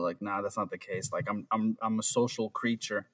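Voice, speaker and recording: A man's voice: on the low side, steady tone, a little fast. A young man co-hosting a podcast, chatting loosely and rambling, with lots of "like" and "man". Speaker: podcast co-host. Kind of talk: casual chat.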